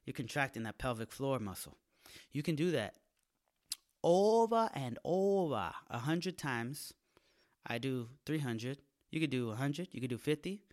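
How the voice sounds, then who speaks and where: A man's voice: mid-range voice, lively intonation, a little slow, darkish tone. A man, a comedian, delivering a casual and crude comic monologue to his audience, full of slang and acted-out voices. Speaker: comedian hosting his own podcast.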